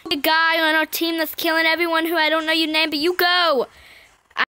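A woman's voice: very high voice, level tone, brisk, bright, forceful tone, no echo, studio quality. A woman YouTuber giving chatty, scattered, self-mocking commentary while playing a mobile game.

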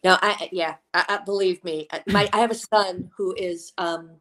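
A woman's voice: on the low side, steady tone, normal speed, a bit bright, low-quality recording. A woman in her fifties, an actress and comedian guesting on a podcast, chatting with a punchy, comic delivery. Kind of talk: casual chat.

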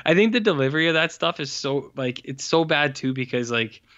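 A man's voice: a little high, expressive, brisk, fairly bright tone, muffled recording. A man co-hosting a podcast, chatting casually and sarcastically about a film, swearing freely. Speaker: podcast co-host. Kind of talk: casual film review chat.

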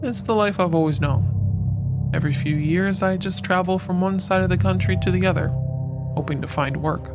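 Male horror narrator over loud music. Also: high-pitched, normal speed. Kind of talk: scripted horror story narration.

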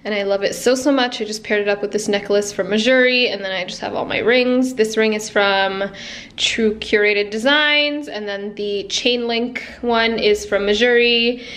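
A woman's voice: medium pitch, steady tone, normal speed, a bit bright. A woman in her twenties with a Canadian accent, chatting casually to camera at home for her vlog, full of giggles and "like" fillers. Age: 20s. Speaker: vlogger. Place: at home in an apartment.

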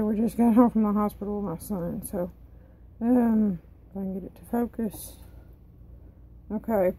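Chatting casually at home in her kitchen, a fatigued cooking vlogger with a fading voice rambles and reads the cooking directions aloud. Her voice is warm and mid-range, and the audio quality is poor.

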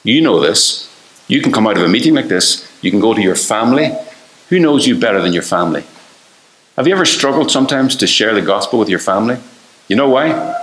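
Irish male pastor, lowish voice, earnest conversational sermon, roomy church-hall echo. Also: animated, a bit bright, a little hiss or hum. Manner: earnest, conversational preaching with quick asides.

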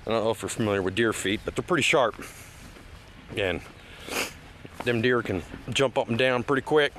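A man talks his way through a park tour outdoors, rambling and full of fillers and restarts, now and then worked up and preachy. His voice sits at an ordinary middle pitch, with faint background noise underneath. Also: moderate pace, a bit bright. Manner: rambling, hesitant with many fillers, turning heated and preachy. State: emotional, teary at times. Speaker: vlogger giving a park tour. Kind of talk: casual one-take outdoor vlog talk. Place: outdoors at a lakeside state park.

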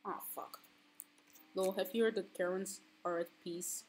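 A woman's voice: medium pitch, steady tone, a little slow, darkish tone, slight background noise, low-quality recording. A woman in her twenties chatting casually while drawing on stream, swearing freely and breaking into squealing laughs when flustered. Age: 20s. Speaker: streaming artist.

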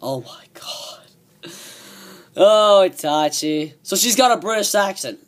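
A man ranting profanely as a wrestling show reviewer, excitable and repeating himself. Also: high voice, slow pace. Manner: excitable, swearing, repeats words. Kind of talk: profane rant.

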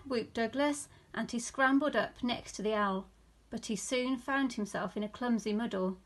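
Woman teacher, gentle storybook reader, expressive, slightly higher voice. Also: moderate pace, gravelly. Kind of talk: reading a bedtime picture book aloud.

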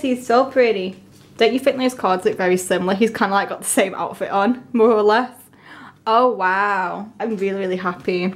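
A young woman, chatting casually and gushing with excitement as she unboxes albums. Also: medium pitch, measured pace. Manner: gushing, excitable, breaks into gasps and soft whispers.

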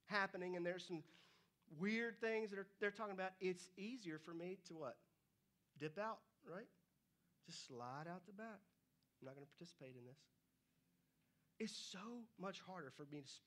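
A man's voice: high-pitched, a bit bright. A young man preaching a sermon in a church, talking conversationally to the congregation with y'all and acted-out asides. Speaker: pastor. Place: church sanctuary.

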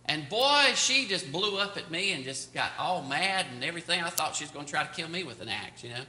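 Older pastor, bright and echoey. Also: male voice, a little high, big pitch swings, fairly quick. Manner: rambling storytelling with many fillers. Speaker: pastor teaching Sunday school. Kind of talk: anecdotal Bible lesson. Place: church classroom. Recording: echoey room.

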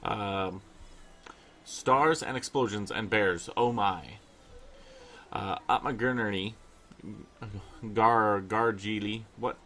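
A man's voice: lowish voice, takes it slowly, long pauses, sharp tone. A man hosting a gameplay video, rambling with lots of fillers. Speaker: gaming video host. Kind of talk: gameplay commentary.

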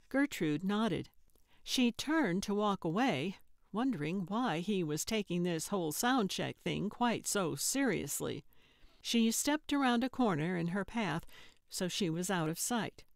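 A woman narrating a cozy mystery audiobook in measured, even storytelling on a close studio mic. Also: medium pitch, gravelly, dry recording. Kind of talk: scripted narration.

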